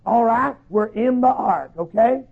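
A man preaching a sermon in a folksy storytelling way, acting out voices and shouting at the peaks. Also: very high voice, measured pace, gravelly, slightly rough. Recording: tinny phone-like lo-fi recording.

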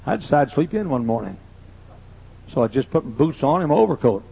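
A man's voice: medium pitch, big pitch swings, fairly quick, vocal fry, dark tone, slightly rough. An older man, a pastor, telling folksy, joking anecdotes in a sermon. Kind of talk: humorous sermon storytelling. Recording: dull lo-fi sermon recording.

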